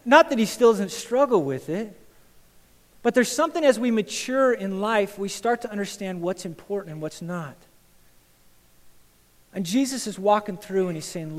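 A male pastor preaching a sermon to a congregation. He moves from loud, emphatic lines to quiet, intense ones. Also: high-pitched, normal speed. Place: church sanctuary. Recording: church hall with long reverb.

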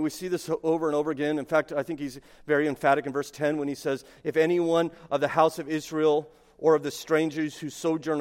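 A man in his thirties preaching a sermon as pastor, conversational, with frequent "right?" asides and quick restarts. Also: a little high, darkish tone. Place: church sanctuary. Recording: long hall reverb from a sanctuary PA.

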